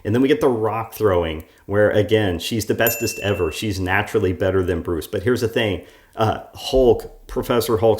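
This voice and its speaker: A man with a somewhat low voice rants through a critical commentary on a show. He sounds sarcastic and keeps piling on his complaints. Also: darkish tone. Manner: sarcastic, ranting. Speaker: show reviewer.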